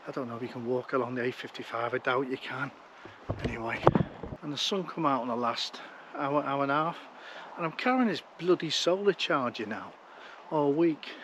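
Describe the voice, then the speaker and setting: A man's voice: medium pitch, fairly bright tone, slight background noise. A tired man, chatting casually to an action camera outdoors as he walks. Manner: chatty, rambling, blunt. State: tired from walking. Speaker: hiking vlogger. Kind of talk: casual talk to camera while walking. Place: outdoors on a walking route. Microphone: action camera held while walking.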